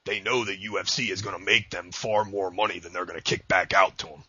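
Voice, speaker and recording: A deep-voiced man hosting a casual podcast interview, ranting and joking, often stumbling over words. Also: fairly even intonation, quick pace, bright, forceful tone. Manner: ranting, jokey, slips into a high announcer voice for quotes. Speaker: podcast host. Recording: dull lo-fi audio.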